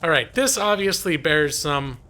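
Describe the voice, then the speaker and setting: A man's voice: on the high side, lively intonation, a little slow, pushed and bright. A middle-aged man casually chatting through a live game stream, reading chat aloud and rambling. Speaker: gaming streamer.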